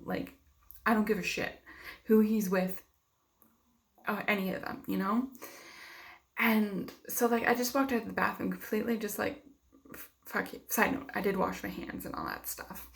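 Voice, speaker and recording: Gravelly-voiced young woman telling a story. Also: medium pitch. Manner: heated, swears a lot, many "like" fillers. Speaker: vlogger. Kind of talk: casual storytelling to camera.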